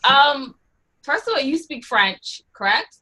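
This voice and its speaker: A playful woman co-host jumps into the conversation with jokes. Her voice sits high and bright, swinging widely in pitch as she talks. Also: very animated, takes it slowly, poor audio. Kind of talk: casual talk show chat.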